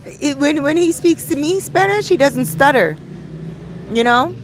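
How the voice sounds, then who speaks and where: A woman's voice: sits high, lively intonation, unhurried, noisy background. A middle-aged woman, a life coach, chatting casually to camera in a Q&A vlog and wandering off topic as she talks straight to her viewers. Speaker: soul coach hosting a Q&A vlog.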